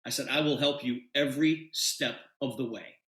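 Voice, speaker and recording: A man's voice: medium pitch, moderate pace. A man giving a sales presentation, telling a story and acting out both sides of a conversation. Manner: animated, acts out quoted dialogue. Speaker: presenter pitching a business opportunity. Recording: roomy echo.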